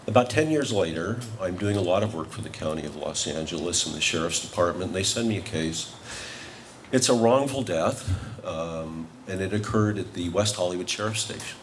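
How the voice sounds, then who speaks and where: A man's voice: sits low, expressive, moderate pace, a little hiss or hum. A man giving a humorous acceptance speech, telling a comic story with careful timing. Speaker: award honoree giving a speech.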